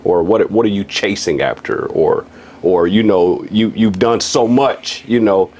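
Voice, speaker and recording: Earnest low-voiced podcast host, a man. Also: a little slow, a little mellow. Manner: earnest, heartfelt, calls the guest bro and man. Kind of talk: casual interview.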